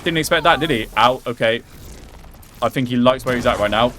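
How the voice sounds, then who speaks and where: A man giving excitable, swear-laden live gameplay commentary, talking to himself and to the game character as he fights. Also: mid-range voice, normal speed, a little hiss or hum. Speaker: gameplay streamer.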